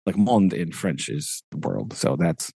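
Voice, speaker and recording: A man's voice: deep voice, sing-song, unhurried, vocal fry, warm tone, husky, no room sound, studio quality. A man co-hosting a podcast in casual chat, rambling and correcting himself, with frequent chuckles. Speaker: podcast co-host.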